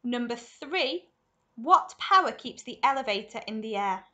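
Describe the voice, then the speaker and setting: A woman primary school teacher reading a story aloud to children in a lively, expressive way. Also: on the high side, a little slow, dull audio.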